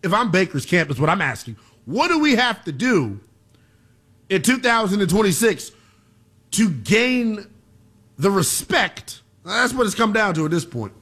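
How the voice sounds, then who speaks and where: A man's voice: high voice, big pitch swings, a little slow, a bit bright, husky. A man hosting a sports talk show, blunt and emphatic, firing off rhetorical questions.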